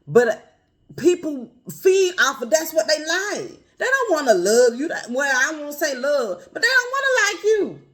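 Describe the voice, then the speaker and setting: A woman speaking earnestly and personally to her viewers, calling them y'all and family, with a quiet, emotional edge. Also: high voice, big pitch swings, measured pace. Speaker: vlogger. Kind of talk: heartfelt personal talk to camera.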